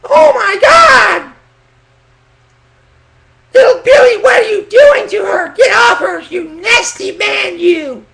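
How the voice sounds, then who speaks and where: A man putting on the falsetto voice of a shocked mother, screeching at her son. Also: takes it slowly, creaky, pauses often, a bit bright, shouting, full character voice, low-quality recording. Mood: horrified. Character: shrieking scandalized mom catching her son.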